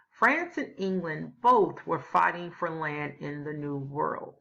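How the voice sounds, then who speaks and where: A woman's voice: low-pitched, lively intonation, slow, vocal fry, few pauses, a bit bright. A woman teacher giving a casual, explanatory history lesson. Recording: dull lo-fi recording.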